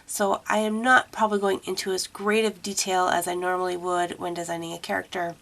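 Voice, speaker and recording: Stuffy-nosed woman with a gravelly edge. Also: fairly low pitch, flat delivery, fairly quick, fairly bright tone. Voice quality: congested, nasal. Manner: chatty and apologetic, with fillers. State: stuffed up from a cold. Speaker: art tutorial host. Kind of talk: casual voiceover narration. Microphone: voiceover mic.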